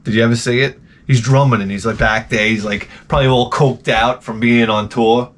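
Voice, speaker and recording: A man's voice: medium pitch, fairly even intonation, fairly quick, a little hiss or hum. A man hosting a casual talk show, rambling and ranting crudely, often slipping into mocking voices. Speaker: podcast host. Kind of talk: rambling profane casual chat.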